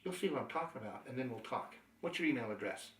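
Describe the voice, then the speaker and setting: A man's voice: mid-range voice, fast, echoey room, recorded from a distance, low-quality recording. A man giving a sales training talk, telling stories, acting out the dialogue and chuckling often. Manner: chuckling, anecdotal, animated.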